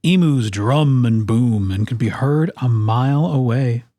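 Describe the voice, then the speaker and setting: A storyteller reading a children's picture book aloud, with expressive, playful emphasis on its lists. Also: medium pitch, measured pace, no echo, clean studio sound.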